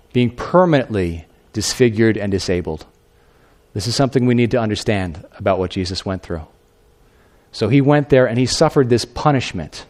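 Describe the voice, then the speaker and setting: A male pastor retells a story in a conversational sermon. He speaks to the congregation directly, tosses in asides, and his voice climbs when he acts out the people in the story. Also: medium pitch. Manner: animated, acts out the quoted figures in a raised voice.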